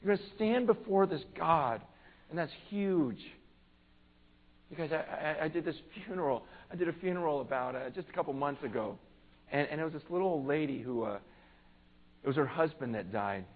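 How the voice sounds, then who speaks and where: A pastor preaching a fervent sermon. He swings from loud, urgent passages to hushed storytelling and often repeats words as he restarts a line. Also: a little high, lively intonation, moderate pace. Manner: repeats words and starts lines over. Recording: tinny phone-like sound.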